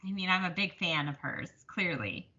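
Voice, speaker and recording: A woman's voice: lowish voice, lively intonation, moderate pace, a crowd in the background. A woman co-hosting a casual stitching chat, talkative and self-deprecating. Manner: chatty, self-deprecating, laughs often. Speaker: podcast co-host. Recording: slightly dull lo-fi sound.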